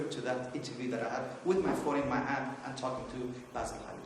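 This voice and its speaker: A man's voice: medium pitch, quick pace, few pauses, a little hiss or hum. Rambling man in an echoey hall. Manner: rambling, anecdotal, many fillers and restarts. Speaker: conference speaker. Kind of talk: informal opening remarks. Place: conference hall. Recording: echoey hall, distant mic.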